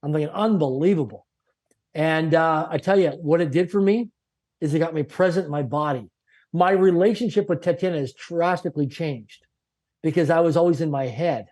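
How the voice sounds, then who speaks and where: A middle-aged man from Canada speaks with a slightly raised pitch and drives his points home in punchy lists. He tells stories with energy and acts out the people in them. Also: brisk, a little mellow. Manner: emphatic, punchy lists, acts out quoted dialogue. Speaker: guest. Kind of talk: energetic motivational storytelling.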